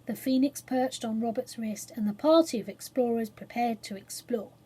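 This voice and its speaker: A woman reading a children's storybook aloud, gentle and expressive, dropping to a hush in places. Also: fairly high pitch, moderate pace, breathy edge, rough recording.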